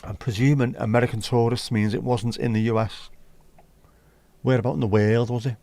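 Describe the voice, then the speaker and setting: A man's voice: mid-range voice, fairly even intonation, a little fast, creaky, dark tone, no room sound. A man from the United Kingdom hosting a casual livestream chat, talking bluntly and swearing freely. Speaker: livestream host.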